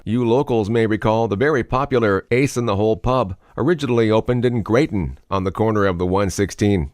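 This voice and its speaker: A man hosting a podcast, narrating scripted introductions in a measured way and asking interview questions. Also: on the low side, darkish tone, no room sound, studio quality. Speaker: podcast host.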